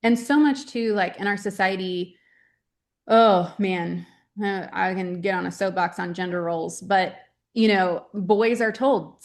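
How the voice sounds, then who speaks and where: A woman's voice: mid-range voice, steady tone, a little slow. A woman with a mid-range voice talks in a casual interview as a grief specialist. Her delivery is earnest and chatty, and she keeps checking in with little tag questions. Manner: earnest, chatty, many "right?" tags.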